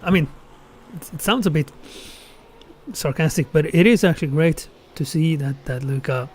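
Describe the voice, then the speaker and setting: A man's voice: on the high side, darkish tone, a little hiss or hum. A man giving casual live commentary on a sim racing qualifying session, thinking aloud and correcting himself as he goes.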